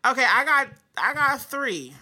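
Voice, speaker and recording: A woman in relaxed podcast conversation, talking bluntly and teasing her co-host. Her voice is bright and sharp-edged. She swears freely and keeps the banter loose. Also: high voice, a little slow. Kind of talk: casual chat.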